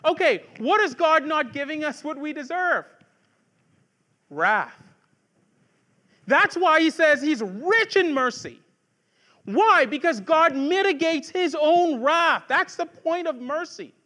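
A man with a very high, bright and forceful voice preaches a sermon to his congregation. He talks conversationally, with asides and restarts, then builds to fervent rhetorical questions. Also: animated, slow pace, long pauses. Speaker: pastor.

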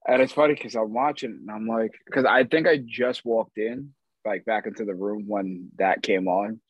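A man's voice: on the low side, fairly even intonation, moderate pace, breathy edge, dry recording. A man co-hosting a podcast, joking around in casual chat over dull lo-fi audio. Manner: playful, jokey. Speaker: podcast co-host.

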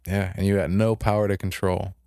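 A man's voice: sits low, little pitch movement, fairly quick, creaky, mellow, clear, resonant tone, dry recording, clean studio sound. A young man co-hosting a podcast, casually retelling a story and acting out the characters' lines in a laid-back way. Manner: laid-back, retells stories with put-on voices. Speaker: podcast co-host.

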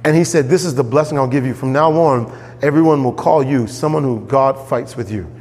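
A man preaching a sermon as pastor, animated, jumping up in pitch when he voices quoted characters. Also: a little fast, long reverb tail.

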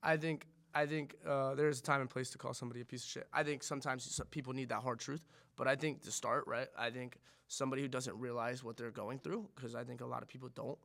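Gravelly fast-talking man, earnest and rambling. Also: mid-range voice, little pitch movement, fairly bright tone. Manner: earnest, rambling, profane, many restarts. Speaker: podcast guest. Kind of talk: casual podcast chat.

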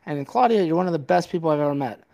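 A fired-up man with a slightly high voice vents on a filmed podcast, swearing freely and talking over his co-host. His delivery is casual and heated. He rants rather than speaks calmly. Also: rapid-fire, vocal fry. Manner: heated, profane, ranting. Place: podcast set filmed on camera.

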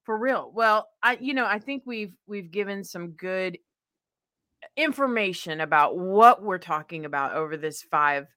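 A woman's voice: medium pitch, lively intonation, unhurried, a bit bright, dry recording. A woman hosting a podcast in casual, bubbly chat, laughing often and poking fun at herself. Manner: bubbly, laughing, self-deprecating. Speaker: podcast host.

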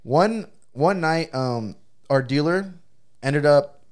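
A young man co-hosting a podcast, telling stories in casual chat, swearing freely and getting animated. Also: on the high side, slow, smooth. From Mexico. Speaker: podcast co-host.

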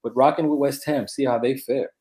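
A man co-hosting a sports podcast in casual chat, laid-back and quick to laugh, with many filler words. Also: mid-range voice, steady tone, darkish tone. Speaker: podcast co-host.

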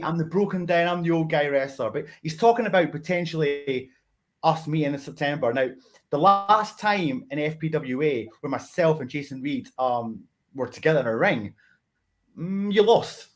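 Friendly, confident man, slightly high. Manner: friendly but confident, teasing. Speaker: wrestler guest. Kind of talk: casual podcast chat.

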